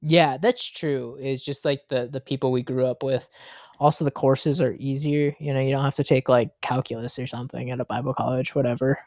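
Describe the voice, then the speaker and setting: A man hosting a casual podcast, telling stories in an animated way with frequent ums and likes. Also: mid-range voice, fairly quick, dry recording, studio quality. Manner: animated storyteller, frequent fillers. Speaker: podcast host.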